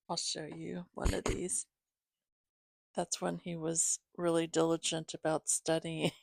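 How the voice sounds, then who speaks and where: A woman hosting her own channel, chatting casually with viewers as she shows gifts, giggling often and filling pauses with "um". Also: fairly low pitch, vocal fry, no echo. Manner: chatty, giggly, many fillers. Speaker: channel host reading to her cats. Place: home, reclining.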